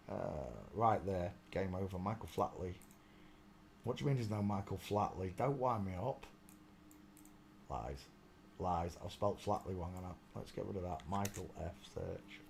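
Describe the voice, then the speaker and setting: A man's voice: low-pitched, normal speed, gravelly, a little mellow, slight background noise. A man hosting a casual live stream, chatty and exclaiming, muttering to himself as he searches.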